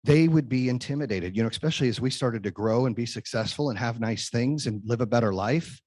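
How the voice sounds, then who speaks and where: A man's voice: mid-range voice, fairly quick, a little mellow. A man in his forties giving a motivational keynote at an event, telling personal stories with emphatic, punchy repeated phrases. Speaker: keynote speaker. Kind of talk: motivational stage talk. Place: event stage.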